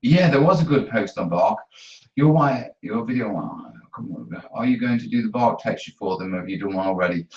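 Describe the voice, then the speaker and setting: A man's voice: lowish voice, lively intonation, normal speed. A man, hosting a live hobby stream, chatting easily to viewers while he works. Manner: chatty, easygoing, talks to viewers while working. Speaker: terrain-building channel host. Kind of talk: casual chat during a live studio stream. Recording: roomy, distant, dull mic.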